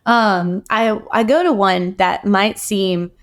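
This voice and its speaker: A woman's voice: medium pitch, slow pace. A woman guest on a podcast, talking earnestly and rambling with many fillers in casual interview conversation.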